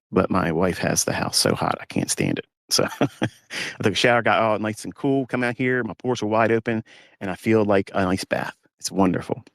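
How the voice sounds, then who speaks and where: A man's voice: lowish voice, creaky, no room sound, studio quality. Scornful, emphatic man ranting in a truck. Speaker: trading mentor. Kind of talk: casual monologue to viewers. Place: parked pickup truck.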